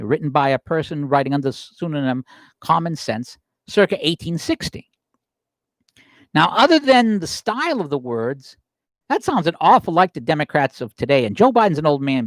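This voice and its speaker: A male podcast host argues his case, with rhetorical questions and frequent self-corrections. His pitch swings widely as he presses each point. The sound is dry and close, with no room echo. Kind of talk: opinion commentary podcast, reading quotes aloud.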